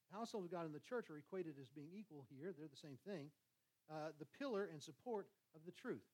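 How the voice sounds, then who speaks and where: Fast-talking preacher man. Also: a little high, darkish tone, poor audio. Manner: conversational, repeats "all right?"; fast-talking, frequent restarts. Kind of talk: sermon.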